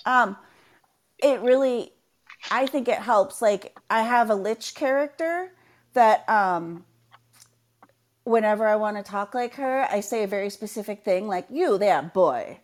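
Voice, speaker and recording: A woman in casual chat about running tabletop games. She talks in an animated, playful way and slips into silly voices. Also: on the high side, measured pace, long pauses. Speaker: tabletop game master, podcast panelist.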